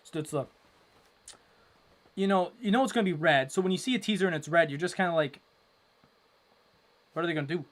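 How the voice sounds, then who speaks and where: A young man hosting a casual live hockey watchalong, rambling with lots of fillers and breaking into loud exasperation. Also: fairly high pitch, fairly quick, long pauses. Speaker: livestream watchalong host.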